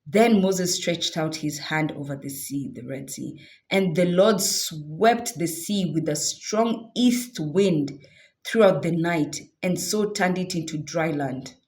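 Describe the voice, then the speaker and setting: A woman reading scripture aloud with expressive delivery and casual asides of her own. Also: lowish voice, slow pace. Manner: expressive, animated, adds comments and affirming hums. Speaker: Bible reader.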